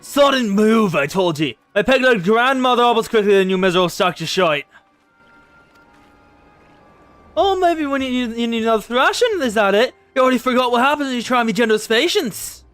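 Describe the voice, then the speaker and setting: A man's voice: sits high, expressive, unhurried, long pauses, no echo, soft background music, pitched above the performer's own voice. A man voicing a brutal male slaver who barks threats, while reading game dialogue aloud. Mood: threatening. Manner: snarling, shouted threats.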